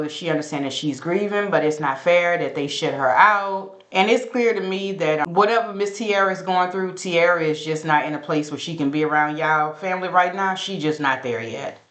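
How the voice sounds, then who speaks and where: A woman's voice: low voice, a bit bright, reverberant. A woman, sassily recapping a reality show episode in a casual, gossipy commentary straight to her viewers.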